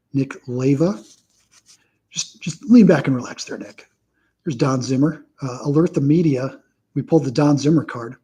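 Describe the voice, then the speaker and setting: Very husky man, dry list-reading host. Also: fairly high pitch, rough recording. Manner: reels off names in a steady list with dry, wry asides. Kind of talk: casual live-stream commentary.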